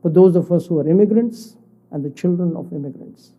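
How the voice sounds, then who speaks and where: A man's voice: high voice, brisk, dark tone, rough recording. A man giving a Friday sermon at a mosque, telling a story and then putting questions to the congregation. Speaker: khutba speaker.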